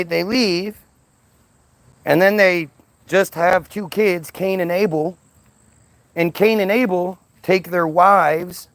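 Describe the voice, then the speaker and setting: A man's voice: high voice, creaky, a bit bright, no room sound. A man hosting a livestream, retelling a story in a crude, mocking, rambling way. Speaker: livestream host.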